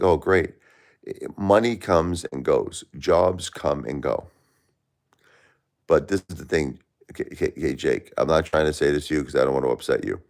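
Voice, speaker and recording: Middle-aged male livestream host, very low gravelly voice, blunt and preachy, near tears. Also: darkish tone. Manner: blunt, repetitive, preachy advice. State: close to tears. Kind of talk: emotional live-stream talk to a caller.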